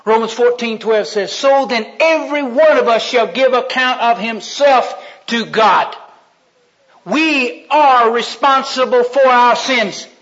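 A man preaching a sermon, retelling Bible scenes in a folksy storytelling way that swings from loud to hushed. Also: very high voice, slow pace, muffled recording.

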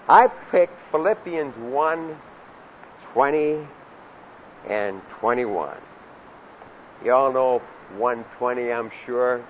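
A man's voice: animated, slow, long pauses. Older preacher man, lo-fi sermon tape. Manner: swings from loud emphatic lines to low asides, leads congregation in recitation. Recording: dull lo-fi sound with faint hiss.

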